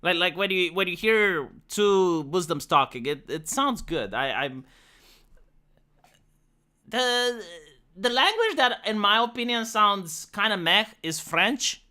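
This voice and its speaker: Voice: mid-range voice, animated, slow pace, sharp tone. A live streamer from Romania with a Romanian accent, speaking English as a second language. They chat casually and profanely with viewers, rambling through fillers and restarts.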